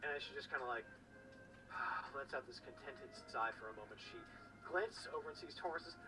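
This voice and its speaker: A game master narrating a tabletop game, animated and full of fillers. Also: mid-range voice, moderate pace. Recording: distant mic with faint background music.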